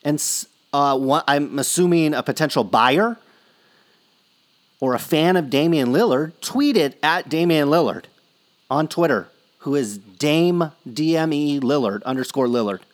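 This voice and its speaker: A male podcast host talking casually about sports cards. He rambles a little as he chats, in a somewhat higher voice. His delivery is loose and conversational. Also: animated, a little slow.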